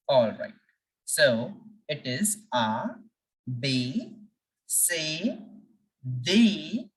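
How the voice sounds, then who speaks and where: A woman teaching the French alphabet, speaking deliberately and repeating each letter for learners. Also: fairly low pitch, recorded from a distance, poor audio. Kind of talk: language lesson.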